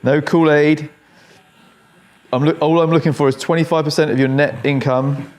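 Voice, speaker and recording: A fairly high-pitched man with a darkish tone, fairly even intonation, and moderate pace works as a barber in England, joking and telling stories to his client during a haircut. He's chatty and playful. Slight background noise is audible.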